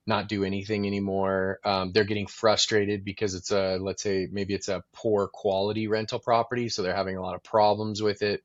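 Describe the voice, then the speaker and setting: A man with a fairly low voice speaks as a real estate guest on a talk show. He explains things at length in an easygoing way, with plenty of fillers. His sound is dry and a bit dull and muffled. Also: no echo. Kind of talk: conversational expert explanation.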